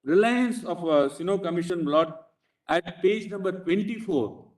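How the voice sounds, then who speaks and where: A man's voice: high voice, lively intonation, a little slow, darkish tone. A man with an Indian English accent arguing formally before a court bench, insistently addressing the judges as "Lord" in almost every phrase. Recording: echoey courtroom, speaker far from mic.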